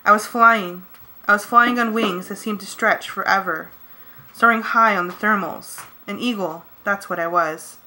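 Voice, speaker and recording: Bright-voiced woman reading a story. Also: medium pitch, normal speed, poor audio. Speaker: audiobook reader. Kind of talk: first-person novel narration.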